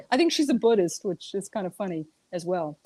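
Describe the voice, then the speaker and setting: Woman, low-ish voice, animated storyteller, laughs a lot, dry close sound. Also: normal speed, no echo. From United States. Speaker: regular correspondent. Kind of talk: casual chat.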